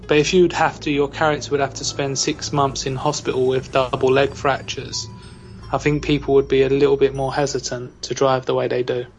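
A man's voice: medium pitch, flat delivery, a little fast, highs cut off, faint music behind. A British man hosting a casual podcast, joking and teasing his co-hosts. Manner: jokey, teasing banter. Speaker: podcast host. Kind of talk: casual chat.

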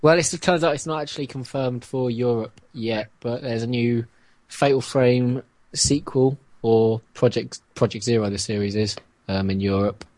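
A man co-hosting a gaming podcast in casual chat, hesitant with many pauses and ums. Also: medium pitch, a little mellow, no echo. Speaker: podcast co-host.

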